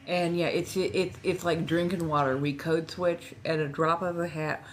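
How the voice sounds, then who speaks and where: Woman, low voice, Californian accent, relaxed chatty livestream host, faint background noise. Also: moderate pace. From Southern California. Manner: chatty, repeats herself, reads and answers chat. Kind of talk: casual livestream chat.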